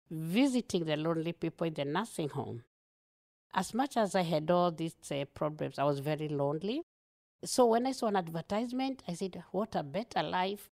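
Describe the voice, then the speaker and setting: Kenyan woman with a gravelly low voice. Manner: earnest, animated, laughs often. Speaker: guest. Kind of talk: personal storytelling in an interview.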